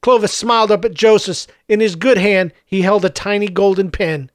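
A man narrating an audiobook in a steady storytelling manner. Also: high-pitched, moderate pace, no echo, studio quality. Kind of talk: scripted narration.

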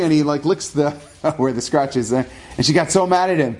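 A man's voice: fairly high pitch, quick pace. Man telling a personal story with Hebrew terms. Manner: animated, sprinkles Hebrew and Yiddish terms. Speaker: rabbi.

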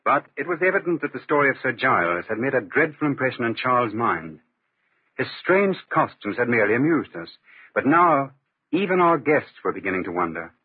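An actor narrating and playing an upper-class gentleman in a 1940s radio drama, speaking in a clipped, authoritative way. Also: mid-range voice, sing-song, a little fast, breathy edge, no room sound. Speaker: narrator and brother of the household. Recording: tinny old radio recording.

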